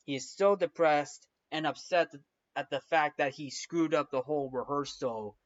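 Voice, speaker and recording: A man rambles through a casual film recap and restarts his sentences often. His voice sits a little high. The recording is dull and lo-fi. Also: moderate pace. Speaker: film reviewer.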